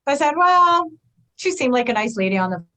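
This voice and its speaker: Animated woman in her fifties. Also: fairly high pitch, racing, rough recording. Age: 50s. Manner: animated, acts out inner voices, often adds "right?". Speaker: wellness coach, guest. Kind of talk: casual conversational interview.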